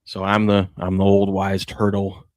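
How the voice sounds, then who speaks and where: With a low, darkish, monotone voice at normal speed and no echo, a man in his thirties co-hosts a sports talk show. He chats casually and tells family stories, laughing frequently and imitating his kids' voices.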